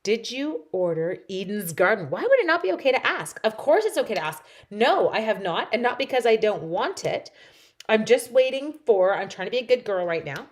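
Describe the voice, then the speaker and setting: A woman's voice: mid-range voice, lively intonation, moderate pace, darkish tone. A woman demonstrating stamping on a livestream, chatting casually and giggling as she answers viewers while she works. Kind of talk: casual live-stream chat while crafting.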